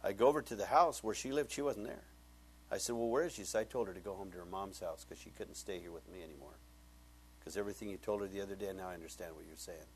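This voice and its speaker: A man's voice: low-pitched, fast talker, a little hiss or hum. Man preaching a conversational sermon. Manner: conversational storytelling, swings from hushed to loud. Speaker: pastor.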